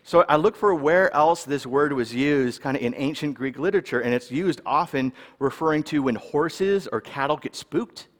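A man from California, preaching a sermon in a casual, animated way and telling personal stories while checking in with his listeners. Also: a little high, moderate pace, few pauses, long reverb tail. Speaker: pastor.

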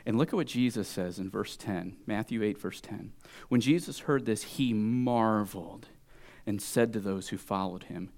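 Gravelly-voiced preacher man, dramatic delivery. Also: fairly low pitch, normal speed. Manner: swings from loud exclamations to hushed whispers for emphasis; keeps checking in with "right?". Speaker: pastor. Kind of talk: sermon.

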